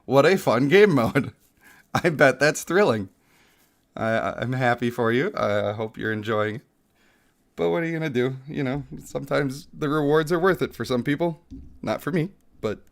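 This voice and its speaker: A man's voice: medium pitch, lively intonation, moderate pace, vocal fry. Chatty man hosting a gaming stream. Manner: chatty, self-deprecating, laughs often. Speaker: gaming channel host. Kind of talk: casual gaming commentary and dramatic reading.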